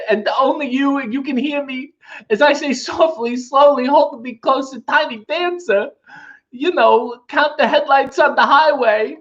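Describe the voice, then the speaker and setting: A man putting on a celebrity impression, singing a soft ballad in a high, drawn-out croon. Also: muffled recording.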